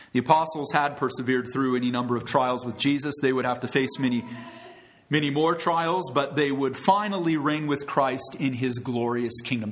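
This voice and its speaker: A man preaching an expository sermon, reading scripture verse by verse and adding asides, with his voice climbing for emphasis. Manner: earnest preaching, with sudden rises in pitch and loudness for emphasis; adds tag questions and asides to scripture quotes. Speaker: pastor.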